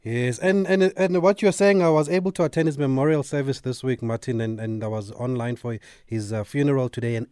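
Mellow-voiced male radio host. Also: medium pitch, fairly quick, hardly any pauses, smooth, dry recording, studio quality. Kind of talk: radio interview.

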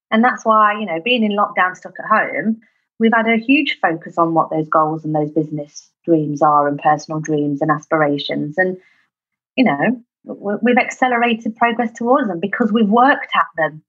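Lively, bright-voiced northern British woman. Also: lowish voice, slightly rough, highs cut off. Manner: energetic, emphatic, self-deprecating. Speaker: podcast guest. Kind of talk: casual interview chat.

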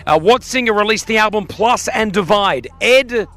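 A man's voice: high-pitched, animated, bright, forceful tone, no echo, faint music behind. A man hosting a radio breakfast show, chatty and punning as he runs a quiz with a caller. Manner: chatty, jokey, quick with puns. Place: radio broadcast set up in a museum.

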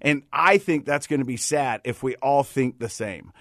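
A middle-aged man from the United States hosting a casual chat, an animated storyteller who often repeats words. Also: mid-range voice, moderate pace, no room sound, clean studio sound. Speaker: podcast host.

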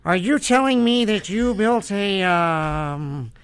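A man doing a celebrity impression of a nervous, excitable young man who stammers in disbelief. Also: high-pitched, clean tone, pitched above the performer's own voice, heavily acted. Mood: flustered. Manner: stammering, halting. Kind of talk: celebrity impression in comic skit.

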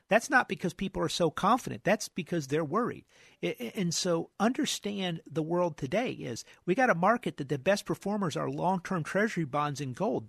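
Male radio finance host, gravelly and hoarse, slightly higher voice, quick stumbling delivery. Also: no room sound, clean studio sound. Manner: rapid, repeats words and restarts often. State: losing his voice. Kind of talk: radio market commentary.

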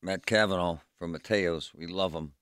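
Forceful deep-voiced man ranting on radio. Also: moderate pace, smooth. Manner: animated, ranting storyteller. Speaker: radio co-host. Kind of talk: radio talk show chat. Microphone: studio microphone.

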